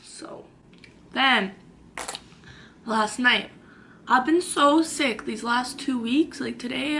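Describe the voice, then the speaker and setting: Bright-voiced young woman telling a story. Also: on the high side, vocal fry, a little hiss or hum. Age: 20s. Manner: animated, acts out quotes, lots of "like". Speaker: vlogger. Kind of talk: casual storytime to camera.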